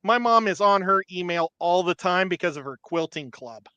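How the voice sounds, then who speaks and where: A man's voice: high-pitched, lively intonation, normal speed, sharp tone, smooth, dry recording, dull audio. A man in casual live stream chat, defending himself with a self-assured manner.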